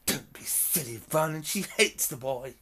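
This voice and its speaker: A man voicing a fussy middle-aged woman who is snappish with others and doting with her son, in a high, frantic voice. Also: animated, unhurried, sharp tone, husky, heavily acted.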